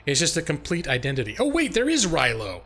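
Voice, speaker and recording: A man's voice: a little high, huge pitch swings, fast, a bit bright, husky. A middle-aged man chatting casually with his stream chat, joking and laughing often between remarks. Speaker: live-stream gaming host.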